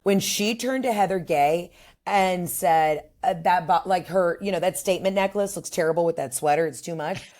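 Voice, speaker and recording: A woman comedian, a guest in a casual podcast chat, telling stories in an animated way and acting out what people said. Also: on the low side, normal speed. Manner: animated storyteller who acts out quoted voices.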